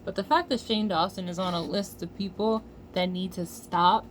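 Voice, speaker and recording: An American woman vlogger delivering a heated, profane commentary rant with loud outbursts. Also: medium pitch, steady tone, normal speed, a little hiss or hum.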